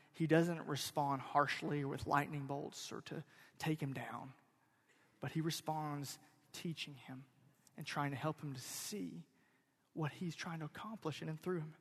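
A man preaching a sermon as pastor, animated, swinging from loud emphasis to quiet intensity. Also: fairly high pitch, slightly rough. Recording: long hall reverb.

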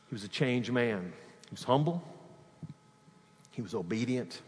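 A male pastor preaching a sermon, swinging from loud emphatic peaks to quiet asides. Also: fairly low pitch, animated, moderate pace, pauses often, slight background noise. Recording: long reverb of a hall.

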